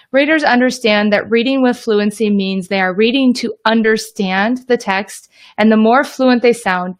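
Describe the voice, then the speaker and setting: A woman explaining reading lessons to teachers in an upbeat, direct teaching talk. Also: on the high side. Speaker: teacher trainer.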